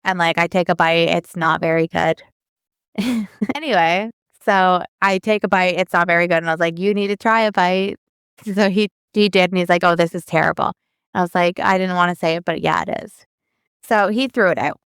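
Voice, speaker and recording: Chatty woman with a smooth voice. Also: on the low side, fairly even intonation, moderate pace, fairly bright tone, dry recording, studio quality. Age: 30s. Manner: chatty, lots of fillers, quotes people in her story. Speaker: podcast co-host. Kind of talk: casual storytelling.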